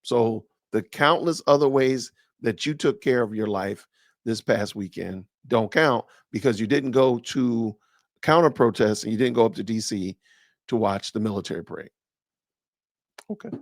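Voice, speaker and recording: A man's voice: mid-range voice, no room sound, studio quality. A man hosting a podcast, reacting to a clip with incredulous, sarcastic rhetorical questions. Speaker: podcast host. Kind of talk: reaction commentary.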